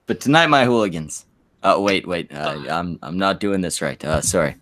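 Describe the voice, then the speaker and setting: A man's voice: low voice, expressive, moderate pace, a bit bright. Man, Quebec French Canadian accent, stream host, casual crude banter, lots of "uh" and restarts. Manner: rambling, full of fillers and restarts.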